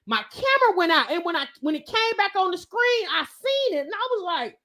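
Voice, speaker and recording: A woman hosting a casual livestream, talking excitedly to her viewers and calling them honey and baby. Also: very high-pitched, fairly quick. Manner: excitable, exclaiming and laughing with viewers. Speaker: livestream host.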